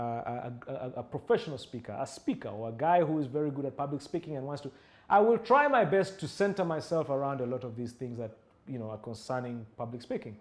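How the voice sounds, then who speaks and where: A man, coaching public speaking in a live masterclass, emphatic and animated with hesitant restarts. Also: mid-range voice. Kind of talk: live online masterclass answering questions.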